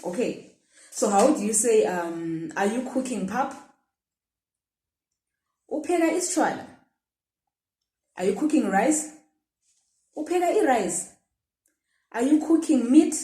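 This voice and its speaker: A woman's voice: a little high, dark tone. A woman teaching a language lesson, patiently repeating phrases and modelling the question intonation. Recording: echoey room.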